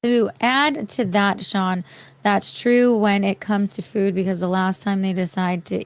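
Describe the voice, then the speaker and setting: A woman's voice: mid-range voice, fairly even intonation, measured pace. A woman co-hosting a casual podcast, arguing her point frankly with casual swearing. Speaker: podcast co-host. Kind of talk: casual chat.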